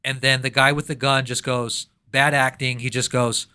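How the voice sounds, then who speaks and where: Male movie reviewer, casual and sarcastic, prone to mock-outraged rants, middle pitch. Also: level tone, moderate pace, bright, forceful tone, clear, resonant tone.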